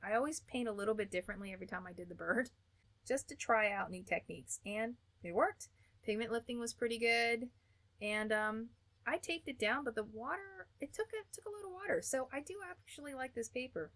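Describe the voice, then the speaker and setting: Bright-voiced upbeat American woman. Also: medium pitch. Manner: chatty and upbeat, with small laughs and restarts. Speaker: art channel host. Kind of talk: casual product review.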